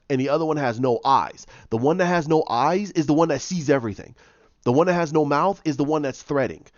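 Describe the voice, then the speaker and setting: A man's voice: fairly high pitch, no echo. A man casually recapping a comic book story, acting out the characters' lines with lots of restarts. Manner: animated, acts out characters' lines, many restarts. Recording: dry, muffled lo-fi.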